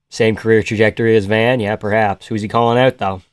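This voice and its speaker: A man hosting a live stream, giving casual reaction commentary on the fights and chatting with his viewers, shifting from loud excited outbursts to laid-back banter. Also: lowish voice, clean tone, dry recording, clean studio sound.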